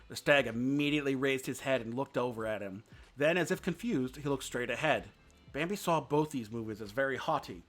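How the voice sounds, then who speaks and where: A man's voice: mid-range voice, a bit bright. A man reading a classic children's story aloud on a live stream, narrating expressively. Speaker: VTuber reader.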